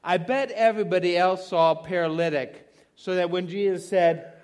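A middle-aged man preaching a sermon, stressing key words by slowing down and asking the listeners rhetorical questions. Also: high-pitched, darkish tone, clean tone.

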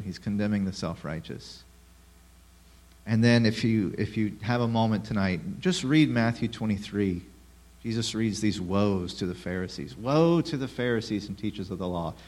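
Delivering a sermon in a fairly low voice, a man peppers his listeners with rhetorical questions and sarcastic asides. His volume shifts lively from hushed to loud.

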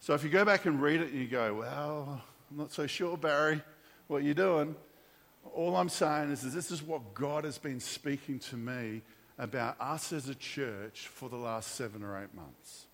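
A man preaching a sermon, telling a story with animated character voices and frequent restarts. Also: mid-range voice, moderate pace, in a large hall. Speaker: pastor.

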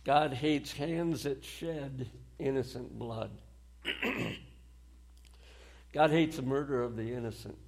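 A man preaching a sermon in a slow, deliberate way, pausing often between phrases. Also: medium pitch, fairly even intonation, darkish tone. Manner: slow, deliberate delivery with pauses and short dry laughs.

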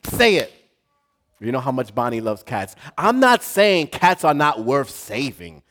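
A male pastor preaching a sermon to a live congregation, building from quiet talk to shouting. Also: medium pitch, very animated, moderate pace.

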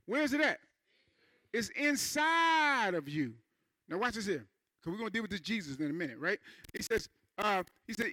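Preacher guy with a high bright voice, folksy, gets the crowd to repeat after him. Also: no echo. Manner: call-and-response preaching, repeats phrases, swings from quiet asides to loud emphasis; folksy, says "man" and "ain't". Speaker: pastor. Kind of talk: sermon. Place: church sanctuary.

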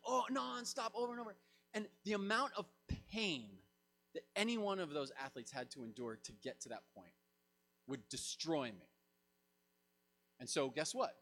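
A man preaching a sermon as pastor, swinging from loud emphatic lines to soft low asides. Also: moderate pace.

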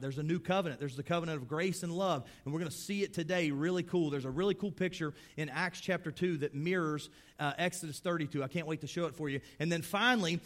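Conversational preaching man, fairly high voice. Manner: conversational preaching, drops to hushed prayerful tone then lifts to emphatic. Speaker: pastor. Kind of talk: sermon.

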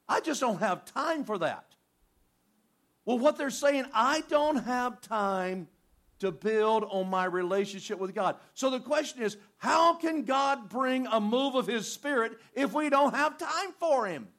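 A man preaching a sermon, reading scripture and acting out prayers in an animated, conversational way. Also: very high voice. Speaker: pastor.

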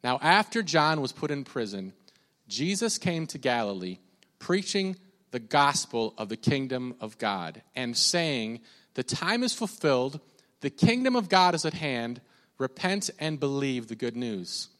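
A man's voice: medium pitch, measured pace. A man preaching a sermon to his church, reading scripture aloud and leading the congregation in call-and-response. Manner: energetic, leads call-and-response. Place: church sanctuary. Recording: long reverb of a church hall.

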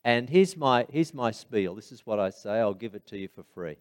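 A man preaching a sermon, with emphatic high bursts on key phrases and quiet, low asides while telling stories. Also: animated, moderate pace. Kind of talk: sermon with storytelling.

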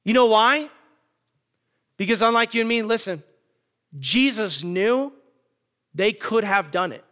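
A man's voice: high-pitched, animated, measured pace, fairly bright tone, long reverb tail. A male pastor preaching a sermon to his congregation, emphatic and full of rhetorical questions.

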